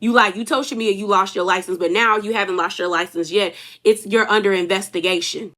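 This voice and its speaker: A woman's voice: mid-range voice, brisk. A woman hosting a casual reality TV recap, animatedly acting out what the cast said. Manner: animated, acts out cast members' lines. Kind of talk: casual chat.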